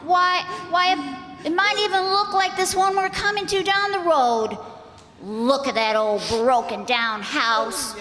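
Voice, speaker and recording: Tearful young daughter, played by a woman, very high, bright voice, drawn-out complaints, roomy hall. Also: fairly even intonation, slight background noise. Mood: complaining. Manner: tearful, half laughing half crying. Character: teenage daughter, dismayed and tearful. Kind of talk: community radio play acting.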